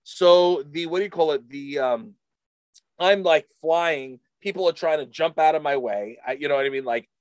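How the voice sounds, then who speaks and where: A man's voice: fairly high pitch, moderate pace, no room sound, dull audio. Chatty man telling a rambling story. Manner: rambling, animated, many fillers. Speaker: storyteller in a chat. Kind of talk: casual chat, storytelling.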